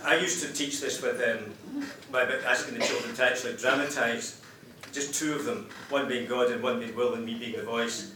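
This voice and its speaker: A man introducing and reading poems at a conference in a measured, explanatory way. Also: mid-range voice, far from the mic. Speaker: presenter of poems. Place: conference hall. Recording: roomy hall with faint noise.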